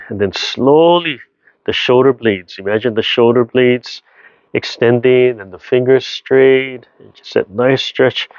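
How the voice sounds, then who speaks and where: A man teaching a seated tai chi and qigong class over a video call, giving slow, gentle instructions with sighing breaths. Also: mid-range voice, dry recording, highs cut off. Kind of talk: guided seated exercise class.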